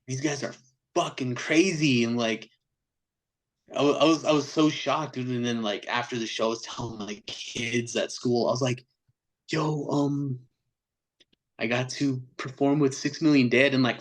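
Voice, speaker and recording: Over poor audio, a medium-pitched man talks at a moderate pace. A metal band vocalist on a podcast as a guest, he tells a slangy, animated story and acts out quotes in different voices.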